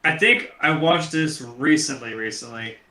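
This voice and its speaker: A man's voice: mid-range voice, normal speed, pushed and bright, reverberant. A man co-hosting a casual film talk show, rambling and swearing freely, with many restarts. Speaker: podcast co-host.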